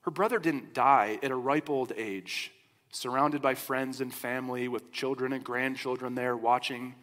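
Conversational pastor in a reverberant hall. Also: male voice, medium pitch, normal speed. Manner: conversational, animated storytelling. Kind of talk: sermon. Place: church sanctuary.

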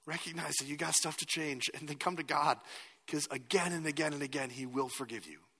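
A man's voice: fairly high pitch, brisk, bright, forceful tone, husky, in a large hall. A man preaching a sermon as a pastor, earnest and at times emphatic.

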